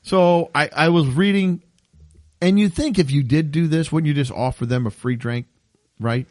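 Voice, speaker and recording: A man's voice: a little high, normal speed, a little mellow, no echo. A man co-hosting a comedy podcast, reading odd news stories aloud and joking about them with frequent laughs. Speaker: podcast co-host. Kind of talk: casual comedy podcast chat.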